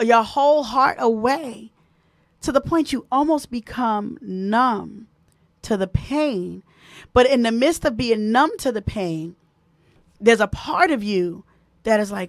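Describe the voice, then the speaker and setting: Animated, preachy woman. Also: high-pitched, dry recording, studio quality. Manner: animated, preachy, repeats key lines for emphasis. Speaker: host. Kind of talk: live-stream commentary and advice talk.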